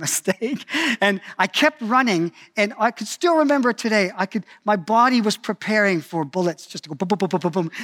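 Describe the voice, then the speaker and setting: A man's voice: sits high, fairly bright tone. Older male preacher telling stories. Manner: conversational, often restarting phrases. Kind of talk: sermon with personal storytelling.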